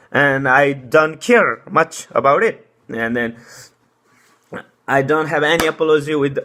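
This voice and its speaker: A man's voice: mid-range voice, bright, forceful tone. A young man with giving a heated, rambling political monologue. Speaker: political commentator.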